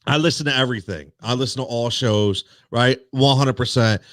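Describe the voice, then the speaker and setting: A man's voice: medium pitch, fairly quick, fairly bright tone, no echo. A man hosting a sports talk show, ranting in a heated, worked-up way with many restarts and repeated words.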